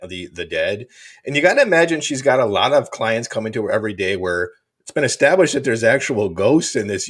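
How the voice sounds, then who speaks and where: Wry, skeptical low-voiced man. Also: a bit bright. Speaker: podcast co-host. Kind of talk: casual film chat.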